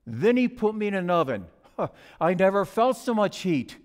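A man's voice: high-pitched, very animated, moderate pace, a little mellow. A man voicing a talking teacup that was once clay, pleading and complaining as it tells its story. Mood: distressed. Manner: pleading, storytelling in first person. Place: church sanctuary. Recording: long church reverb.

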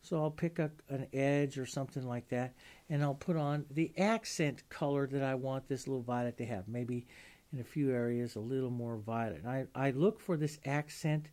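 A man's voice: medium pitch, fairly even intonation, normal speed, darkish tone. A man teaching a painting lesson, demonstrating as he works, chatty and informal, often asking himself questions and then answering them. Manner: casual, thinking aloud, asks and answers own questions. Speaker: painting instructor.

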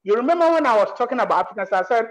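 A screenwriter with a Ghanaian accent speaks on a panel discussion. The voice sits at a middle pitch and swings up and down a great deal. The delivery is emphatic, with rhetorical questions thrown at the listeners. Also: animated, rapid-fire, poor audio.

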